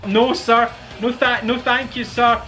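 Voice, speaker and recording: A man's voice: very high-pitched, level tone, unhurried, bright, forceful tone, faint music behind. A Scottish man from near Glasgow, talking casually and bluntly in a YouTube video and swearing freely. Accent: Scottish, Glasgow area. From Scotland.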